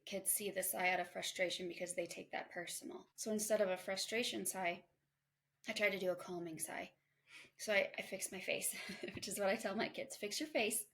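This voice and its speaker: Podcast host, woman, mid pitch with vocal fry; candid, chatty, self-reflective delivery. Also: a bit bright. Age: adult mother. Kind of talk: casual self-help monologue.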